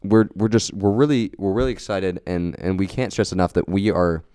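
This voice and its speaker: Young male co-host, deep mellow voice, earnest rambling motivational chat, dry close mic. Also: fairly even intonation, brisk, clear, resonant tone, dry recording. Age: young adult. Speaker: podcast co-host. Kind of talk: casual chat.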